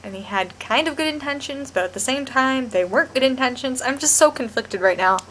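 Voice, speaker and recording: A woman's voice: high voice, animated, fairly quick, pushed and bright, a little hiss or hum. A young woman vlogging a rambling, gushing TV review with lots of restarts. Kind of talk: casual chat to camera.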